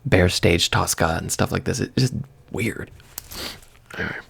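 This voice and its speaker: A man's voice: low voice, moderate pace, creaky, fairly bright tone, slightly rough. A man ranting in a casual, exasperated monologue. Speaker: vlogger.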